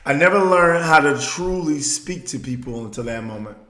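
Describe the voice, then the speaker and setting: A man from the Southern US telling a personal story as a speaker, moving between hushed reflection and loud, emphatic bursts. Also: on the high side, animated, moderate pace, reverberant.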